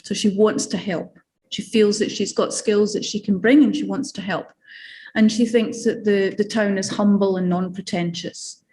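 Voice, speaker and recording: A woman's voice: medium pitch, fairly even intonation, normal speed, mellow, a little hiss or hum. A woman with a Scottish accent giving an academic seminar talk in a conversational way, with fillers and asides. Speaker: academic lecturer.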